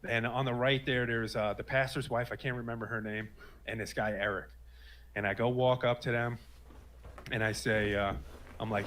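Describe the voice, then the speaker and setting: A man's voice: mid-range voice, steady tone, moderate pace, fairly bright tone, slight background noise. A man in his late thirties telling a personal story in an earnest, rambling way, full of fillers and restarts. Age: 30s. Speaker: guest sharing a personal story. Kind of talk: casual spoken testimony.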